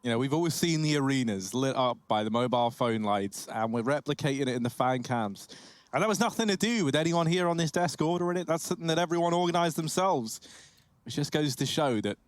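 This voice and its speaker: A man casting a live esports match with excitable, chatty commentary. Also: a little high, fast talker, clean tone, no echo. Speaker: esports caster.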